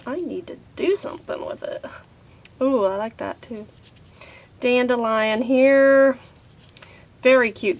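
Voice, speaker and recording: A woman's voice: a little high, slight background noise. Chatty woman gushing over craft supplies. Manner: chatty, easily delighted, thinks aloud with many fillers. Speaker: craft vlogger unboxing a subscription box. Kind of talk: casual unboxing chat.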